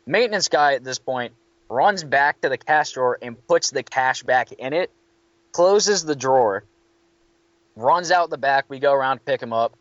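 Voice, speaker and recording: Animated storytelling man, dry lo-fi sound. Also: mid-range voice, normal speed, no echo. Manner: animated, swearing, quoting others in raised voices. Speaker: hotel worker telling a story. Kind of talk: casual storytelling chat.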